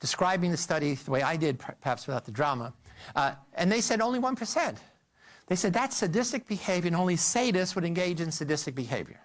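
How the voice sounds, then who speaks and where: A man giving a psychology lecture, telling the story in an animated way with frequent restarts and fillers. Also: fairly high pitch, fast. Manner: animated storytelling, addresses listeners as "you".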